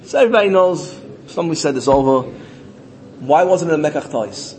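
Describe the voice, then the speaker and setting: Animated man telling a teaching story. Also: a little high, a little fast, a little hiss or hum. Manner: animated storyteller, sprinkles Hebrew and Yiddish terms. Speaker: Torah teacher. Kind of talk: classroom Torah lesson with storytelling.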